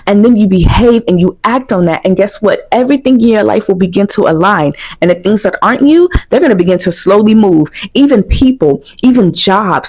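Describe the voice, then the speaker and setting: A woman's voice: medium pitch, expressive, fairly quick, few pauses, a little mellow. A young adult woman coaching viewers in an earnest, encouraging motivational talk, repeating her points for emphasis. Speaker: self-trust coach.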